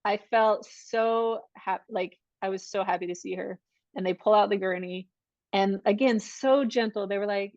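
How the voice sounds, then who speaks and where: Animated woman telling a story, dry sound. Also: medium pitch, moderate pace, no room sound. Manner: animated, acts out quoted dialogue. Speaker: podcast guest. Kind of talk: casual conversational storytelling. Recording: dull, dry podcast audio.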